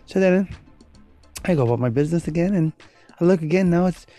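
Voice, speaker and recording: A man's voice: on the high side, fast talker, mellow, faint music behind. A man hosting a voiceover show, chatting casually and sleepily, rambling as he thinks aloud. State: sleepy, yawning. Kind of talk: casual podcast chat.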